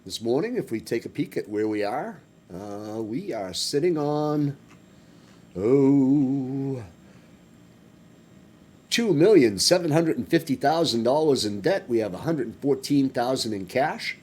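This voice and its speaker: Streaming a farming game, a Massachusetts man with a medium-pitched, darkish voice and lively intonation talks a bit slowly. He's chatty, wanders off on tangents, and tosses in jokes as in-game engine noise runs behind him.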